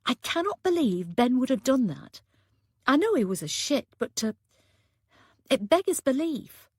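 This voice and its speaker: A woman voicing a caring, weary pathologist who speaks gently and plainly. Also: sits high, big pitch swings, measured pace, slightly rough, dry recording, studio quality, voice pushed up, exaggerated voice. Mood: gentle.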